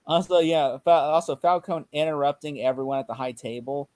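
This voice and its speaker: A man's voice: fairly high pitch, a little fast, darkish tone, no echo. A man hosting a casual chat, animatedly acting out lines from scenes, with many fillers. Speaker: podcast host.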